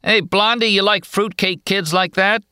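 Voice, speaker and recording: A man reading an audiobook, voicing a jeering loafer on a dock in a high, tired voice. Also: steady tone, normal speed, pushed and bright, smooth, no echo, clean studio sound. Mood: taunting.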